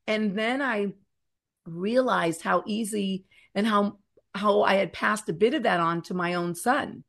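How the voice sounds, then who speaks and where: In this faith-centered interview, a woman in her fifties appears as a guest author and speaks earnestly and animatedly about faith, fear and scripture. Her medium-pitched voice is unhurried and creaky, and she draws out important words like a lively storyteller.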